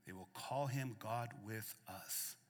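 A man preaching a sermon, shifting between soft hushed lines and raised emphatic ones, repeating phrases for emphasis, in a church. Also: lowish voice, slow. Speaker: pastor. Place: church sanctuary. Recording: long reverb of a church hall.

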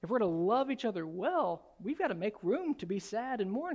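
Pastor, male, higher-pitched, animated sermon delivery. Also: normal speed, few pauses. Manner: animated, swings from soft and low to loud and high. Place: church sanctuary.

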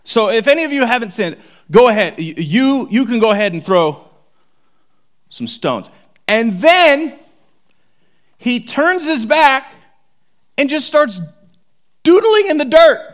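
A young man with a high voice delivers a casual, storytelling sermon. He ranges from bursts of loud, quick excitement to soft, whispered reflection. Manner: animated, swings from loud excited to hushed whisper. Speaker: pastor.

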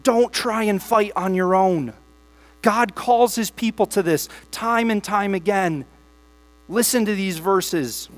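A man's voice: sits high, slow. A man preaching a sermon who reads scripture aloud with emphasis and then talks casually to his congregation. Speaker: pastor.

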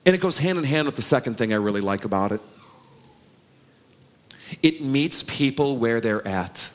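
A man's voice: mid-range voice, lively intonation, moderate pace. A middle-aged man preaching a sermon to a congregation, earnest and conversational, often asking the listeners questions. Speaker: pastor.

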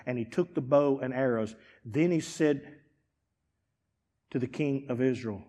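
A man preaching a sermon as pastor, dramatic, dropping to a hush and then rising to shouts. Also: medium pitch, moderate pace, in a large hall. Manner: dramatic, swings from hushed to shouting.

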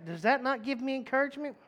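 Man preaching, high voice, folksy, emphatic, repeats himself, casual sermon. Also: expressive, brisk, fairly bright tone. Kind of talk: conversational sermon.

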